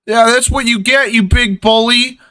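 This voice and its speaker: A man voicing a petty, whiny young male clerk in a tabletop game, in a high, indignant whine. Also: fairly even intonation, normal speed, pushed and bright, clean tone, dry recording. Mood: taunting.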